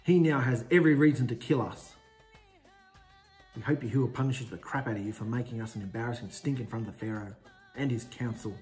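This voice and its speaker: A man's voice: medium pitch, a little fast, few pauses, a little mellow, faint music behind, lightly acted. A man voicing desperate male slave foremen who plead and then turn resentful.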